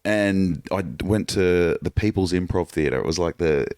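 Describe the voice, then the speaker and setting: Laid-back man, low voice. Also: unhurried, a little mellow, no echo, clean studio sound. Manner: laid-back, swearing, storytelling. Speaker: podcast guest, comedian. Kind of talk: casual chat.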